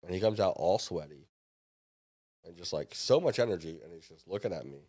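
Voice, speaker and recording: A man in his younger adult years tells a story with plenty of drive, acting out the voices of people in it. His voice sits a little on the low side. He talks like a guest on a relaxed podcast. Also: brisk. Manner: lively anecdote-telling, acts out others' lines. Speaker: podcast guest, startup founder and former chef. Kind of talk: animated storytelling.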